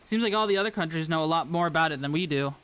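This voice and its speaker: Rapid-fire and low-voiced with a fairly bright tone, a Southern American VTuber chats away with viewers. She rambles casually as she puts together a model.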